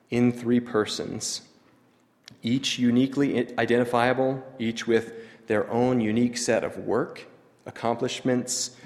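Man preaching in a reverberant hall. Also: mid-range voice. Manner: explanatory, measured teaching with emphatic pauses. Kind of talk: sermon.

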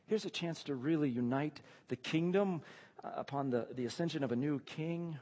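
A man's voice: mid-range voice, animated, normal speed. A man preaching a sermon, reading scripture verses aloud and then stopping to ask the listeners pointed rhetorical questions. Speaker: pastor. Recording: long reverb of a large hall.

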